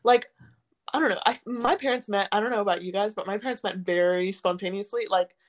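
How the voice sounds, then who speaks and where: A woman's voice: medium pitch, brisk. A young woman co-hosting a casual podcast chat, rambling with lots of filler words and giggling. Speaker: podcast co-host.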